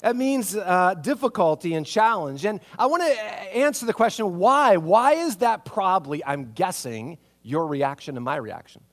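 A male pastor delivering a sermon in a conversational, animated way, often asking listeners rhetorical questions. His voice sits high and swings widely in pitch as he acts out reactions. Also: normal speed, few pauses. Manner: conversational, full of rhetorical questions and tag "right?".

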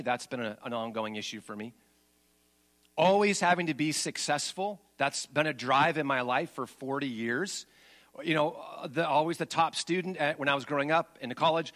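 A man in his forties, a pastor preaching a candid, confessional sermon, moving between animated emphasis and low, quiet admissions.

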